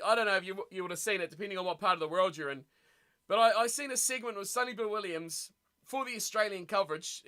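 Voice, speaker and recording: Bright-voiced man ranting on a stream. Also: sits high. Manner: blunt, ranting, reads out chat comments. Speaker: streamer hosting a watch party. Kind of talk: casual live-stream chat.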